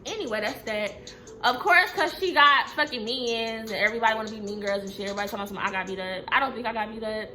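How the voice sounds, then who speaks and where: A young woman telling a storytime vlog in a blunt, profane, animated way. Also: a little high, racing, soft background music. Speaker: vlogger.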